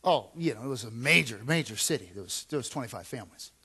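A man, a pastor, preaching a sermon in a conversational way, repeating phrases and swinging from quiet asides to loud emphatic lines. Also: mid-range voice, lively intonation, quick pace, slightly rough.

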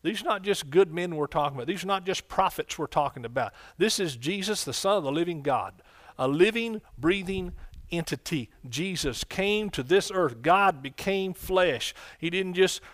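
A man preaching from the pulpit with exuberant energy. His voice sits somewhat high, and he breaks into sudden shouted exclamations. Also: lively intonation, moderate pace. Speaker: pastor. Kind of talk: sermon.

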